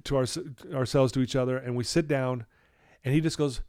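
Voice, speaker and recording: A man telling a personal story as a podcast guest, candid and animated. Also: medium pitch, fairly quick, smooth, dry recording, clean studio sound. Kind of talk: storytelling in a casual interview.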